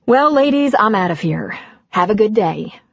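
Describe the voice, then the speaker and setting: A woman's voice: mid-range voice, lively intonation, moderate pace, gravelly, husky, no echo, lo-fi sound, voice pushed up. A woman reading an audiobook and voicing a breezy, upbeat middle-aged woman. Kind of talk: audiobook character voice.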